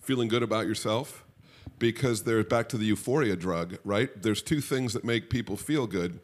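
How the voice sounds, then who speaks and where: In a loose podcast chat, a middle-aged male co-host talks at a moderate pace in a fairly low voice. He rambles wryly, often breaking off mid-thought and starting over.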